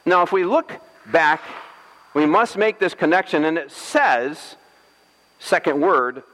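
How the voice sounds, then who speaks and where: A man's voice: fairly high pitch, unhurried, fairly bright tone, long reverb tail, rough recording. A man pastor giving a sermon, telling a scripture story playfully with jokes and acted-out lines.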